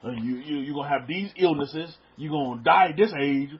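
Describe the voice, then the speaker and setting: A middle-aged man preaching in a relaxed, conversational way, stumbling over repeated words and dropping into soft asides. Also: a little high, a little fast, a little hiss or hum. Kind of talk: sermon. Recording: dull lo-fi sound.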